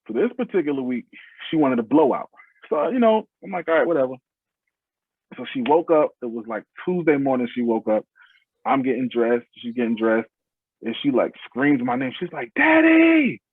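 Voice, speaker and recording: A man's voice: mid-range voice, moderate pace, breathy edge, no echo. A man as a podcast guest, telling personal stories in an earnest, heartfelt way with loose, restarting phrases. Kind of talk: casual interview storytelling. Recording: thin phone-like sound.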